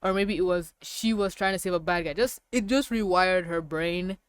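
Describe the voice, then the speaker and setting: A woman giving a casual review of a TV episode, rambling and excitable, with emphatic outbursts. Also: lowish voice, moderate pace, smooth, no echo, studio quality.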